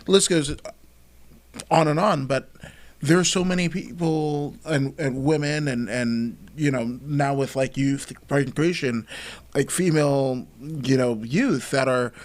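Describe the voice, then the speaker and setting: Halting male podcast host. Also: medium pitch. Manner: halting, restarts often. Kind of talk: casual interview.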